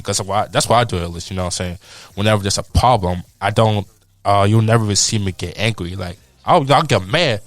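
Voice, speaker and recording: A young adult man, a podcast guest, giving relaxed, rambling advice in casual chat. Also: lowish voice, fast, no echo. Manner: laid-back, advice-giving, loose and rambling.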